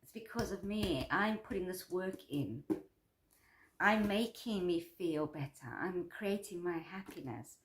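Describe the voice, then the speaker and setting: Woman rambling in her vlog, kinda low voice, says stuff twice, roomy echo. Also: lively intonation, unhurried, slight background noise. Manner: rambling, repeats herself, upbeat and self-affirming. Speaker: vlogger and course creator. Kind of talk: emotional personal check-in vlog.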